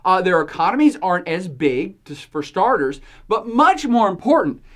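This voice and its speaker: A woman's voice: fairly low pitch, big pitch swings, moderate pace. A woman hosting a podcast, giving opinionated commentary in a jokey, sarcastic way and laughing often between points. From United States. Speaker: podcast host.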